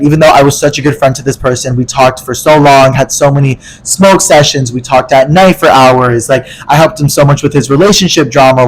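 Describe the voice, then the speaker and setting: Fast-talking young man telling a story. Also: mid-range voice, rough recording. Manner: animated, profane, acts out quoted voices. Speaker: podcast co-host. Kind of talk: casual storytelling chat.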